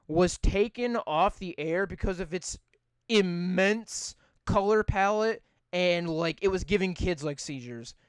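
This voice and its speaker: High-voiced young man ranting casually. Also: smooth, no room sound. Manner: rambling, swears a lot, many "like" fillers. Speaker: podcast co-host. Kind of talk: casual profane chat.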